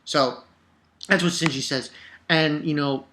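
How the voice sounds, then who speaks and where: A man reviewing a comic chapter in a casual vlog, talking in an excitable, rambling way and swearing often. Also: fairly high pitch, a little slow, a little hiss or hum.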